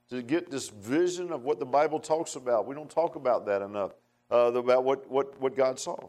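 Delivering his sermon at a moderate pace in a mid-range voice, this preacher keeps things folksy and conversational. He alternates between emphatic outbursts and quiet, hushed asides.

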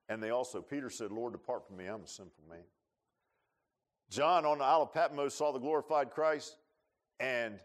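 A male pastor preaching a sermon, repeating himself and swinging from quiet, confiding lines to loud, fervent peaks. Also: fairly low pitch. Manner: repeats words and restarts, folksy asides.

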